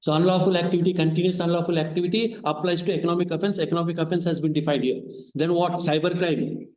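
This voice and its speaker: A man's voice: on the high side, steady tone, fast, a little mellow. A man, a law professor giving a classroom lecture, repeating key terms and asking rhetorical questions. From India. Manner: repetitive, asks rhetorical questions. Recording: echoey lecture hall.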